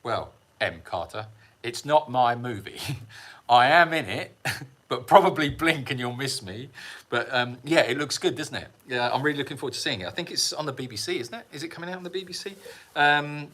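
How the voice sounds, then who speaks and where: A man's voice: medium pitch, expressive, moderate pace, bright, forceful tone. A middle-aged man hosting a casual livestream, rambling and self-mocking, reading out viewer comments and chuckling often. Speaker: sanctuary livestream host.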